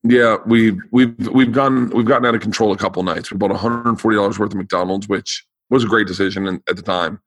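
Tired, low-voiced man rambling on. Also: steady tone, brisk, few pauses. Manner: rambling, stuttering restarts. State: tired voice with no power behind it. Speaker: podcast host. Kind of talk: casual chat.

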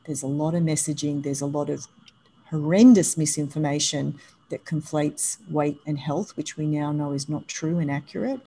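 A woman speaking as a guest on a podcast, telling candid stories in an animated, emphatic way. She laughs easily and moves between hushed asides and loud bursts. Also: sits low, breathy edge, low-quality recording. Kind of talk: candid conversational storytelling.

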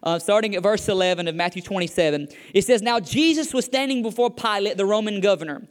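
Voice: mid-range voice, animated, fast. A Bible study teacher reads a passage aloud, then walks back through it in their own words. The retelling grows livelier as the story builds. There is a light, joking touch in the asides.

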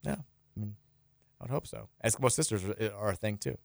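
A man's voice: lowish voice, brisk, gravelly, no room sound, studio quality. Rambling male sports radio host. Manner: loose and rambling, with frequent restarts and chuckles. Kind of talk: casual sports radio talk, reading listener texts. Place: radio studio.

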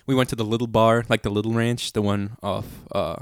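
A man's voice: on the low side, level tone, fairly quick, no room sound, clean studio sound. A young man co-hosting a podcast, telling stories in a rambling, swearing, laughing way. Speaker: podcast co-host. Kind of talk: casual chat.

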